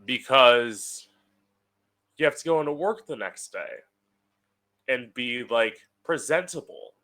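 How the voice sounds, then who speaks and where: Taking it slowly, a young man with an animated, pushed, bright mid-range voice hosts his own podcast from home. It's a casual solo monologue, chatty and sardonic, full of free swearing.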